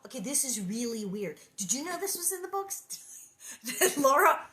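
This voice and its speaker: A woman's voice: high voice, big pitch swings, normal speed, fairly bright tone. A woman in her sixties reading a children's book aloud and breaking off for wry, laughing asides. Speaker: reader and host. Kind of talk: storybook reading with chatty asides. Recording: roomy echo.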